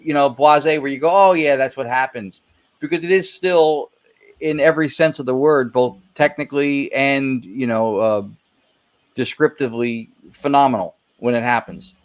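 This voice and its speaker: A man's voice: medium pitch, fairly even intonation, moderate pace. A man guest in a casual interview, explaining his investigations at length and with enthusiasm.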